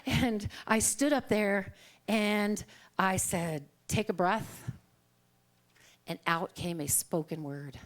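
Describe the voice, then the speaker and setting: A woman's voice: mid-range voice, takes it slowly. A middle-aged woman minister giving a live sermon in a church, telling stories in a chatty way and acting out the quotes, often laughing. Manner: conversational, storytelling with acted quotes and laughter. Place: church sanctuary.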